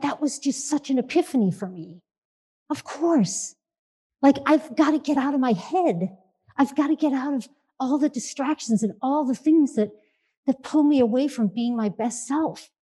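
A woman's voice: high voice, mellow. A middle-aged woman sharing a heartfelt personal story, earnest, with repeated phrases for emphasis and small restarts. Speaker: speaker sharing a reflection.

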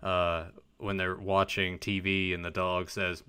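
Smooth low-voiced man, wry and blunt. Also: flat delivery, pushed and bright, dry recording. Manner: wry, blunt, quick to call things bullshit. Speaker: podcast co-host. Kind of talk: casual chat reading fan letters aloud.

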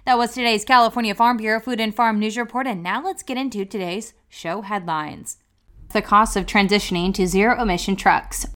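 A woman hosting a farm news radio show, reading scripted news in a brisk, upbeat announcer style. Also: medium pitch, fairly even intonation, fairly bright tone.

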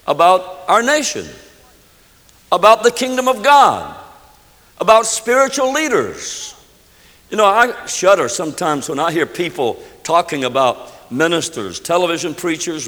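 A male pastor delivers an emphatic sermon in a church sanctuary. His pitch swings widely as he preaches and leads the congregation in prayer. His voice sits a little high for a man and trails off into the long reverb of a large hall. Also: a bit bright.

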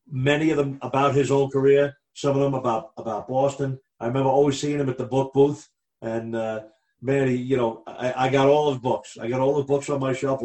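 Man, co-host, plainspoken, warm dark voice, roomy echo. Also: mid-range voice. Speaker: podcast co-host. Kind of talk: casual conversation.

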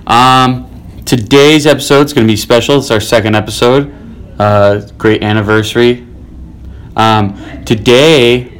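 A man's voice: on the low side, clear, resonant tone. A man hosting a casual homemade podcast at home, talking hesitantly with lots of ums. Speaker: podcast host.

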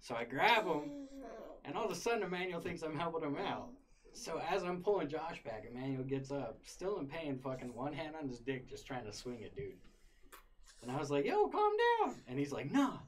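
A man's voice: a little high, moderate pace. A young man casually retelling a wild story, full of swearing and laughter. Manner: profane, animated, laughing retelling.

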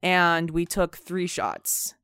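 A peppy young woman tells a story as a podcast co-host, her voice notably deep for a woman. Her delivery is clean and smooth, recorded close and dry. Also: animated, slow, a bit bright, no echo. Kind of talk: casual storytelling chat.

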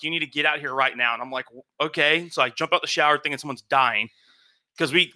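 Young guy w a really bright voice, spinning a wild story w lots of swearing, kinda high. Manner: animated, swearing, acts out quotes. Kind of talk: casual storytelling.

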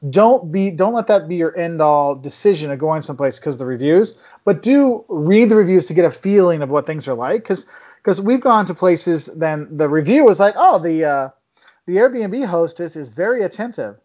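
Animated chatty man, higher voice. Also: normal speed, dull audio. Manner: animated storyteller, acts out quotes with big pitch jumps. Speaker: travel video maker, podcast guest. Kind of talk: casual chat.

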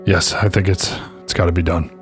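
A man's voice: low voice, level tone, fairly quick, faint music behind. A man playing in a tabletop game, speaking hesitantly in and out of character. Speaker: player. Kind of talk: casual chat and in-character talk at a tabletop game.

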